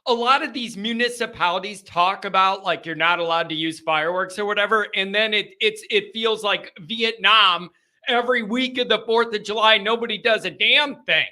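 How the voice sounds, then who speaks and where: A man from the United States hosting a live call-in show, talking loudly in a joking, rambling way while nursing a sore bitten lip. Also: high voice, moderate pace. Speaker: show host. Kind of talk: casual live call-in rant.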